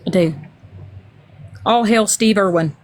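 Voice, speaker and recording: A woman hosting a casual live stream, loud, excitable and crude, teasing her viewers. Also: mid-range voice, takes it slowly, slight background noise.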